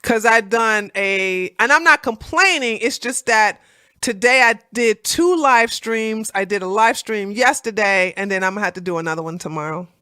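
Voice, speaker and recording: A woman hosting a casual political chat livestream, animated and laughing, with lots of fillers and restarts. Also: mid-range voice, normal speed, clean tone, no echo, studio quality. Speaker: livestream host.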